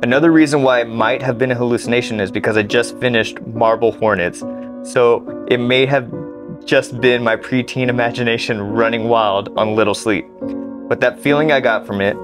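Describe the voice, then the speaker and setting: Young male co-host, halting storyteller turned excitable defender, average pitch, with music underneath. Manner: halting storytelling with restarts, then excitable protests. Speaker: podcast co-host. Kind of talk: casual chat.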